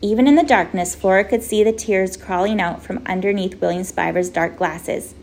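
A woman narrating a children's storybook in a gentle, wry way. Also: mid-range voice, moderate pace. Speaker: audiobook narrator.

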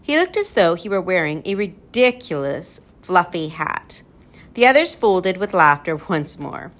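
A woman reading a children's storybook aloud in a lively, expressive way. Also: lowish voice, unhurried. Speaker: narrator.

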